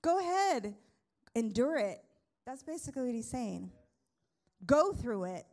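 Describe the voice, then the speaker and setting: High-voiced woman pastor preaching with humor. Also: measured pace. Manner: lively, conversational preaching with humor and many restarts. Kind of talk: sermon.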